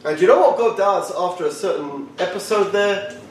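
A man giving a lively Torah talk to a live group, joking and quizzing his listeners by name. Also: sits high, moderate pace, distant mic, a little hiss or hum. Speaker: Torah teacher. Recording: echoey room picked up from afar.

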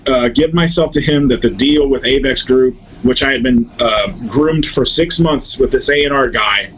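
Man from the US, mid-pitched, animated, swears a lot, casual storytelling, muffled lo-fi sound. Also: slightly rough. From United States. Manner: animated, profane, rambling storyteller. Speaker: guest, pro wrestler and rapper.

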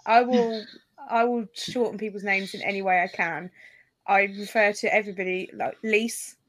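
A woman from the UK co-hosting a podcast, telling stories in an animated way. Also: medium pitch, normal speed, rough recording. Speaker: podcast co-host. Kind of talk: casual chat.

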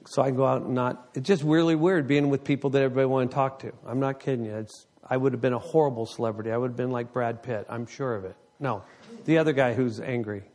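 A man's voice: mid-range voice, steady tone, quick pace, darkish tone. A man telling a long, rambling story to a group in a casual, joking way, slipping into voices for the people in it.

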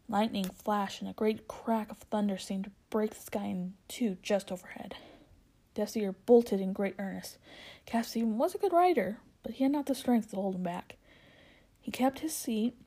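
A woman reading a children's fantasy novel aloud in a soft, often whispery voice. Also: mid-range voice, breathy edge, rough recording. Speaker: reader. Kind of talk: audiobook reading.

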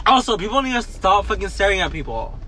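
A young man with a high-pitched voice rants into his camera, dramatic and full of swearing. He talks like a student venting about school and the people around him, in a loose, casual vlog. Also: very animated, fast talker, background noise. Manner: ranting, profane, dramatic. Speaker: vlogger, student. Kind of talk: profane ranting vlog.

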